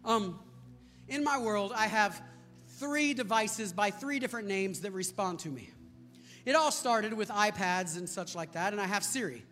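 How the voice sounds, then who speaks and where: An American pastor preaching to a congregation, his voice very high and bright. He moves from storytelling into loud, fervent preaching. The sound carries the long echo of a church hall, with music playing faintly behind him. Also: normal speed. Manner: storytelling, building to shouted preaching. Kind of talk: sermon. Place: church sanctuary.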